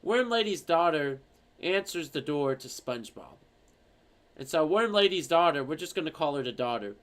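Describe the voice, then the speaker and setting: A man's voice: fairly high pitch, lively intonation, normal speed, a bit bright. A young man chatting casually on a stream, telling rambling stories with plenty of swearing. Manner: rambling, profane storytelling.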